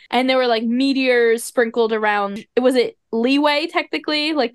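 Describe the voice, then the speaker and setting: A woman with a fairly high voice, chatting casually as a podcast co-host. She talks loosely and leans on "like" as filler. The recording is dry and close. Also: no echo. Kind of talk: casual chat.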